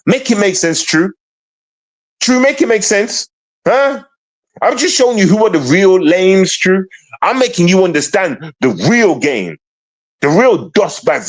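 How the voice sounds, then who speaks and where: Profane man ranting at trolls. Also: on the high side. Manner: confrontational, repetitive, profane. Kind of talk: casual livestream rant.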